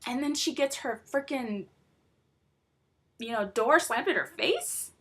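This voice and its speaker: A young woman chats casually in a vlog about a show she loves, rambling through fillers and restarts. Her voice sits a little high, and she jumps up in pitch whenever she gets excited. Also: slow, slightly rough. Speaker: vlogger.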